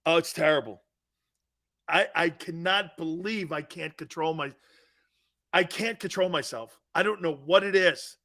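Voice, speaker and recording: A middle-aged man hosting a sports talk show, telling self-mocking stories in a lively, animated way. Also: on the high side, normal speed.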